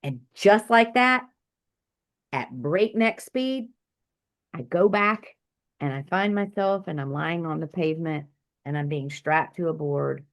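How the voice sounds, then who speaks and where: Low-voiced woman telling a vivid story. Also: measured pace. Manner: vivid, animated storytelling with acted quotes. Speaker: guest, doctor and healer. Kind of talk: storytelling interview over video call.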